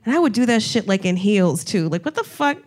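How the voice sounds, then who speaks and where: A woman's voice: medium pitch, sing-song, fairly quick, darkish tone. A woman comedian in casual conversation, telling stories animatedly, swearing freely and laughing often. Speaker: comedian, co-host. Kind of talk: casual storytelling chat.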